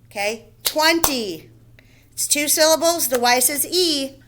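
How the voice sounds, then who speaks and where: A woman teaching first graders in a recorded phonics lesson, with a voice a little higher than most. She speaks slowly and deliberately, repeating each word and spelling it out letter by letter. She often checks in with "okay?" and "right?". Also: expressive, background noise.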